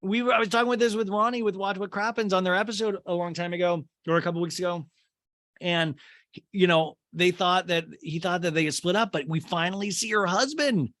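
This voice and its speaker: A young man rattles through a reality-show recap in a loose, self-mocking chat, jumping into exaggerated voices whenever he quotes someone. His voice sits a bit high for a man, and the sound is dry and close, with no room around it. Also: a little fast, fairly bright tone, no room sound. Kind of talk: casual comedic recap.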